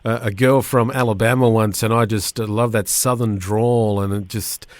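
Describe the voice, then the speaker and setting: A man interviewing a guest, halting and repeating words as he talks. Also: on the low side, fairly even intonation, dry recording, clean studio sound. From Australia. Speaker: radio interviewer.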